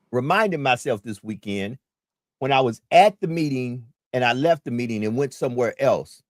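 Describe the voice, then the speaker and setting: A man's voice: medium pitch, dry recording, clean studio sound. A man hosting a community talk radio show, speaking in an emphatic, preacherly way and repeating his key points.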